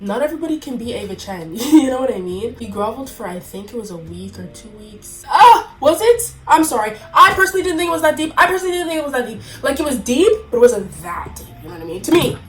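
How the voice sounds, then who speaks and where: A young woman with a frog in her throat giving an animated, chatty book rant to camera. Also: on the high side, low-quality recording. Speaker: book video creator.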